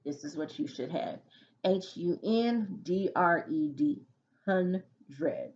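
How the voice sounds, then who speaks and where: A woman's voice: on the low side, expressive, takes it slowly, a little mellow, highs cut off. A woman teaching a phonics lesson to children, patiently sounding out letters and syllables one by one.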